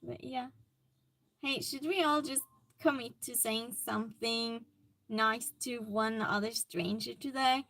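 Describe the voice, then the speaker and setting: High-voiced, unhurried woman streamer. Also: a bit bright. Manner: chatty, reacting to chat comments aloud. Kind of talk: casual live-stream chat.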